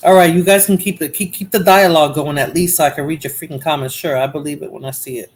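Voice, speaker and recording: A woman's voice: low-pitched, fairly even intonation, fast talker, low-quality recording. A woman hosting a casual livestream, chatting to viewers in chat by name in a drowsy, rambling way. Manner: drowsy, rambling with fillers and restarts. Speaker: livestream host.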